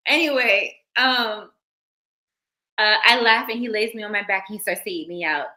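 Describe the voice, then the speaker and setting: A woman's voice: medium pitch, normal speed, sharp tone. A young adult woman hosting a live stream, reading listener stories aloud with casual, laughing asides to her chat.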